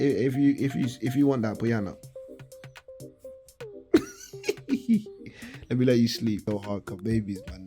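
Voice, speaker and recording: A young father chatting playfully to camera at home, with lots of slang, sometimes murmuring softly by a sleeping baby. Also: on the low side. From Britain. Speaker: vlog host, father. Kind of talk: casual chat to camera.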